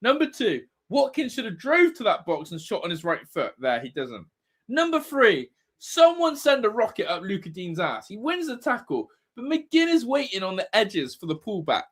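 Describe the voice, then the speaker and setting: A man hosting a live football watch-along, reacting loudly, swearing and shouting advice at the players. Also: sits high, wildly swooping pitch, normal speed, few pauses. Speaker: fan watch-along host.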